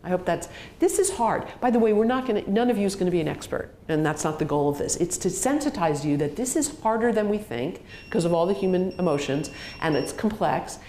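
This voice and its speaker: A woman physician giving a grand rounds lecture, talking in an animated way, acting out bits of dialogue and using plenty of fillers. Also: lowish voice, fairly quick, roomy sound, a little hiss or hum. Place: hospital lecture hall.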